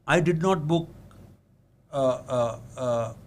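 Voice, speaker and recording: A man's voice: medium pitch, takes it slowly. A man with an Indian accent giving an earnest talk on investing, mixing English and Hindi and often asking "am I right?". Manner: switches between English and Hindi. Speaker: investment speaker.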